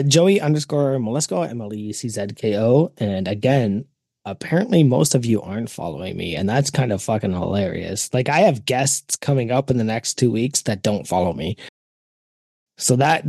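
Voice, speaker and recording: Animated, lively male podcast co-host. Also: mid-range voice, moderate pace, gravelly, dry recording. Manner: animated, laughing often, swears freely. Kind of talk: casual podcast chat.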